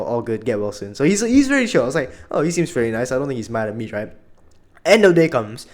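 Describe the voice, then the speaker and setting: Young male storyteller, quick and rambling, mid pitch, lots of filler words. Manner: rambling, filler-heavy, animated retelling. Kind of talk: casual storytime narration.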